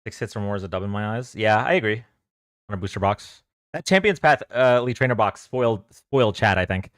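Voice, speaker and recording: A man's voice: on the low side, lively intonation, a little fast, fairly bright tone, dry recording, clean studio sound. A man streaming live, opening trading card packs, counting cards aloud and joking about himself with his chat. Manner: jokey, counts cards aloud, self-deprecating.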